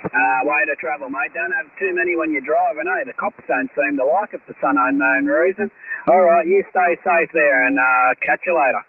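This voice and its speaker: Aussie bloke on the cb, laid-back matey chat, higher voice, thin hissy radio sound. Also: male voice, moderate pace, narrow, tinny audio. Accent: Australian. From Australia. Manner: easygoing, matey, radio jargon. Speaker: CB radio operator.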